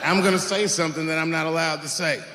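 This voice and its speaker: Brief: stand-up comedian, man, slightly high voice, brash and profane, echoey hall with roaring crowd. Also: steady tone, fast talker, heavy background noise. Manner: loud, swearing, shouts at the crowd. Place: large venue on stage.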